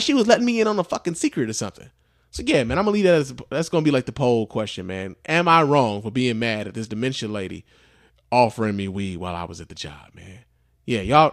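A man's voice: medium pitch, no echo, clean studio sound. A man hosting a podcast, telling a story casually with profanity and lots of fillers. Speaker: podcast host.

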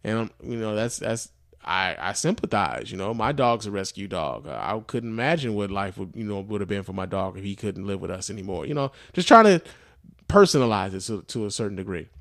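A man's voice: on the low side, fairly quick, no echo, studio quality. Profane, rambling male podcast host. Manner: profane, animated, lots of fillers. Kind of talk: casual storytelling.

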